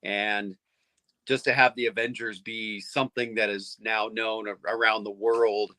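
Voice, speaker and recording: Middle-aged guy rambling excitedly, bright forceful tone, super dry close sound. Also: fairly low pitch, unhurried, no echo. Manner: rambling, excited, lots of restarts. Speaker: comics fan on a panel show. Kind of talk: casual chat.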